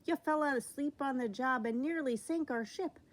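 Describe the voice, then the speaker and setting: A woman voicing a gruff, bossy male pirate captain who growls his words. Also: sits high, normal speed, voice pushed up, lightly acted. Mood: blustery.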